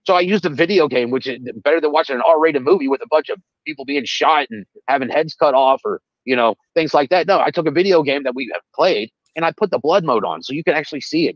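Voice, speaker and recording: A man's voice: on the high side, expressive, fast talker, dry recording. Earnest father on a dull, lo-fi line. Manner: earnest and defensive, speaking emphatically. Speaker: father interviewed. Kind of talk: interview answers.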